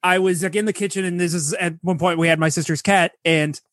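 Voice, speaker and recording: A man's voice: high-pitched, steady tone, a little fast, fairly bright tone, dry recording, clean studio sound. A man on a movie podcast telling a rambling anecdote full of "like". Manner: rambling, many fillers like "like". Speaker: podcast co-host.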